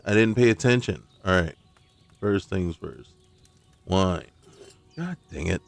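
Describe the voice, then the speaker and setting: A low, gravelly man voice talking through a game session at a slow, unhurried pace. He muses aloud to himself and bursts out in frustration at mistakes, with faint music underneath. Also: expressive, no room sound. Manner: talks to himself, exclaims in frustration. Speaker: gaming channel host. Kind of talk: casual gameplay commentary.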